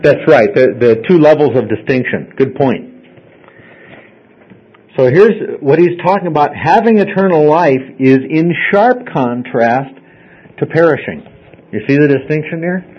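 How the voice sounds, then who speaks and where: A man's voice: on the high side, expressive, measured pace, husky, muffled recording. A man teaching a Bible study class to a group, explaining step by step in a conversational way and often checking in with "okay?". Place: classroom with listeners.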